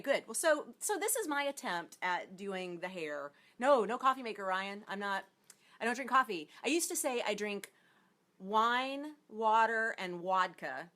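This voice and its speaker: A woman's voice: on the low side, a bit bright. A woman hosting a casual livestream as an acting coach, bubbly and chatty, greeting viewers by name as she talks. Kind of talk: casual live-stream chat.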